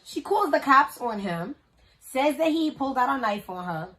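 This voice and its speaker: A woman in her thirties telling a story to camera in a casual, slangy, animated way, acting out the people she describes. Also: sits high, moderate pace, slight background noise. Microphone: camera on a tripod.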